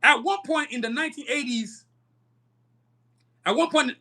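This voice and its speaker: Fiery podcast host, male, high-pitched and sharp, swears freely while preaching to his viewers. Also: moderate pace. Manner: fiery, profane, preachy, addresses viewers as y'all. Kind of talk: live-stream commentary.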